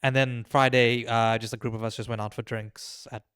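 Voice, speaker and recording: Rambling man with a smooth voice. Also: mid-range voice, little pitch movement, a little fast, a bit bright, no room sound, studio quality. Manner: rambling, hesitant, lots of fillers and restarts. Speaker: podcast co-host. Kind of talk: casual chat.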